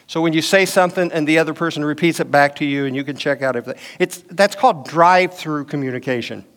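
A middle-aged man teaches a marriage class in an easy, conversational way. His voice sits slightly high for a man, and he slips into quoted back-and-forth from everyday life to make his points. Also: fast, a bit bright. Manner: conversational, uses personal anecdotes and quoted dialogue. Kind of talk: teaching session with audience questions.

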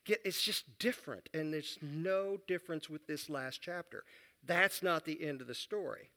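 Bright-voiced man teaching a Bible lesson. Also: on the high side, moderate pace. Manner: conversational, repeats key phrases, quizzes audience. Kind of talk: sermon-style Bible lesson.

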